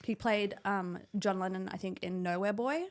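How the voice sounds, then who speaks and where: A young woman co-hosting a podcast, telling animated stories with lots of swearing and acted-out quotes. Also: mid-range voice, moderate pace, smooth. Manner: animated storytelling, acts out quotes, swears freely. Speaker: podcast co-host. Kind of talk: casual chat.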